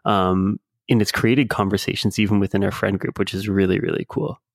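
A man's voice: fairly low pitch, flat delivery, brisk, creaky, no echo, studio quality. A young man from Canada co-hosting a podcast in casual chat, agreeable and a little hesitant. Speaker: podcast co-host.

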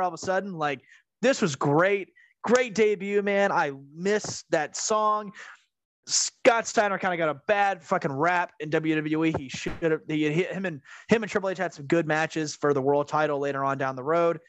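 A man co-hosting a podcast, telling his reactions in an animated, jokey, profane way. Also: high voice, moderate pace, no room sound. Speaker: podcast co-host. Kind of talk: casual chat reviewing wrestling.

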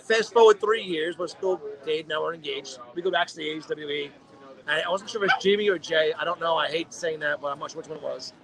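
A man telling a story in casual podcast chat, animated and profane, acting out what people said. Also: on the high side, quick pace, vocal fry, low-quality recording. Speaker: podcast co-host.

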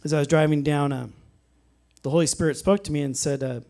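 A man's voice: a little high, fairly even intonation, quick pace, a little mellow. A man preaching a sermon, telling a personal story in an earnest way and breaking into frequent amens. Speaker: pastor.

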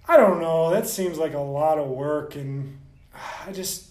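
A man putting on the voice of a whiny, complacent male doctor, self-pitying and raised in pitch, in an echoey room. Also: unhurried, darkish tone, natural voice.

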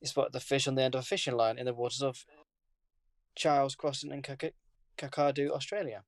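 A man, reading a news story aloud on a podcast in a plain, steady way. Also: mid-range voice, a little fast, dry recording, clean studio sound. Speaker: podcast co-host.

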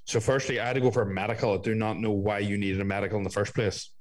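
A man's voice: lowish voice, level tone, rapid-fire, poor audio. A man telling a story in casual podcast chat, swearing a lot and acting out the people in it.

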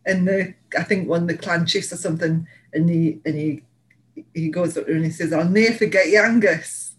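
A woman's voice: low-pitched, fairly even intonation, brisk, a little mellow, low-quality recording. A woman from England, co-hosting a casual chat and rambling through stories with lots of fillers and laughs. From Northeast England. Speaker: podcast co-host.

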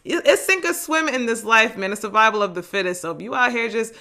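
Talking fast, this young New Jersey podcast host gives a casual motivational monologue packed with slang. She laughs often and stays animated, alternating loud bursts with hushed low asides.

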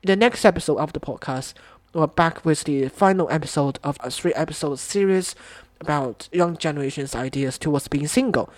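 A man's voice: a little high, normal speed, hardly any pauses, no echo. A man hosting a podcast interview, speaking hesitantly with frequent restarts. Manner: hesitant, with many fillers and restarts. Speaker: podcast host.

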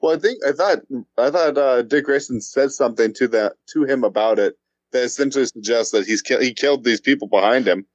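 A man's voice: mid-range voice, brisk, no echo. Sardonic male podcast co-host, dry sound. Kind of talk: casual podcast chat.

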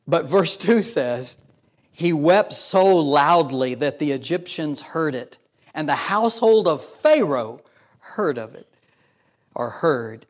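A man's voice: a little high, lively intonation, slow pace. A man preaching a sermon as pastor, emphatic, reading scripture aloud and acting out imagined voices.

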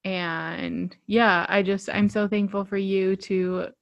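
A woman's voice: mid-range voice, flat delivery, takes it slowly, vocal fry, dry recording, dull audio. Twenties woman, podcast host, casual and effusive, lots of fillers, dry close sound. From Chicago, USA. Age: 20s. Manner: gushing, heavy fillers like um and you know.

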